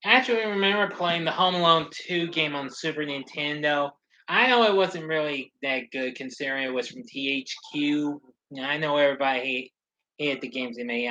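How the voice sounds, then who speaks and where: Bright-voiced rambling male streamer. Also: fairly high pitch, muffled recording. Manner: rambling, halting, with frequent restarts and fillers. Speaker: live streamer. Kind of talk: casual live-stream commentary.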